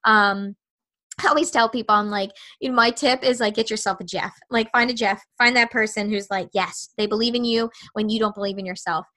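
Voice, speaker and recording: A woman hosting a podcast, telling a personal story in a chatty, animated way and acting out her own thoughts. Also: mid-range voice, brisk. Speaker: podcast host.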